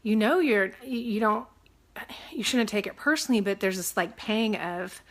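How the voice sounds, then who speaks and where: Chatty woman real estate agent, casual straight-to-camera talk, acts out clients in quick asides. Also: medium pitch. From Texas. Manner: chatty, acts out clients' voices with many fillers; faith-minded, mentions praying.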